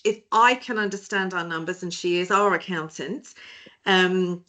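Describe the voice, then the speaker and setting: A woman's voice: mid-range voice, fairly bright tone. A woman from Britain hosting a webinar as director of a small firm, chatty and jokey with many hesitations, heard over a video call.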